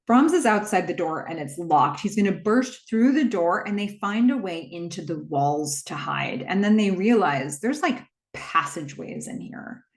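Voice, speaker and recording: A woman retelling a movie plot in a casual, chatty way, with quick asides and small acted-out quotes. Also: fairly low pitch, lively intonation, reverberant. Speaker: movie recap host.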